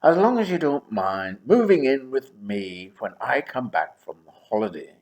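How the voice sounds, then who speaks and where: A man's voice: mid-range voice, sing-song, moderate pace, a little mellow. A man voicing a plain-spoken male colleague in his own storytelling voice. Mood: matter-of-fact.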